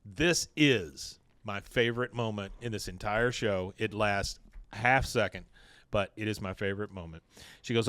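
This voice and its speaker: A man hosting a podcast, recapping an episode in casual chat, animated, breaking into loud high-pitched quotes and laughing often. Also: moderate pace, dry recording. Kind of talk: casual chat, retelling scenes.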